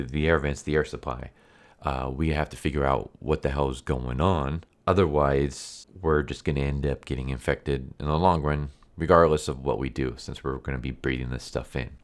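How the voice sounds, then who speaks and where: A man with an extremely deep, low voice talks through a movie's plot in a loose, casual recap. He rambles, leaning on 'like' and 'um' as he goes. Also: steady tone, normal speed. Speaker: anime movie reviewer.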